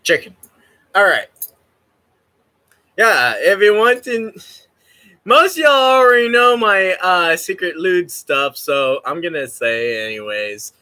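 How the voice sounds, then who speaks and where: Male streamer, high lively voice, giggly rambler, unhurried delivery. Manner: rambling and giggly, swears freely. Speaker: livestreamer. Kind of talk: casual stream chat.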